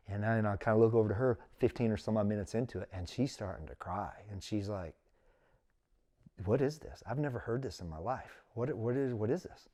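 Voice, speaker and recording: A man's voice: fairly low pitch, fast. A middle-aged man, a guest on an interview show, telling a personal story with earnest feeling and quoting his own thoughts aloud. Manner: earnest, emotional, animated retelling with quoted inner thoughts.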